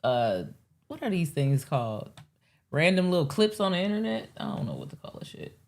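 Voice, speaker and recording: Woman host, low voice, casual profane live-stream banter. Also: very animated, moderate pace, vocal fry, a little mellow. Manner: rambling, profane, talks to chat.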